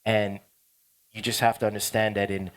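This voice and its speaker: A middle-aged man, a DJ casually telling a slangy story to a workshop class, turning loud and excited. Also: fairly low pitch, normal speed, clean tone. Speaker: DJ teaching a workshop.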